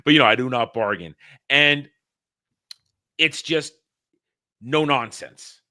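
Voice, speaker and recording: A man's voice: medium pitch, unhurried, pushed and bright. A man hosting a casual film discussion, rambling and stumbling over words as he laughs along. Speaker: podcast host.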